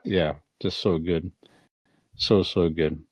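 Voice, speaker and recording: A man's voice: low voice, steady tone, slow, husky, no echo. A man co-hosting a casual podcast, reminiscing in a rambling way with lots of "you know". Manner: rambling, nostalgic, many fillers. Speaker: podcast co-host. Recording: dull lo-fi dry mic.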